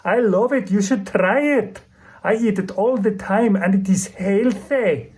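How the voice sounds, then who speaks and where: Man voicing a keen Eastern European-accented woman shopper, high, slow and husky. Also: a little mellow. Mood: enthusiastic. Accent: Eastern European, put on.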